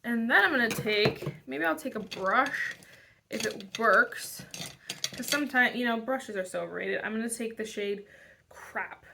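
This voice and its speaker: A woman's voice: a little high, measured pace, vocal fry, noisy background. A young woman chatting casually through a makeup tutorial, rambling with lots of fillers and restarts. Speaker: beauty vlogger.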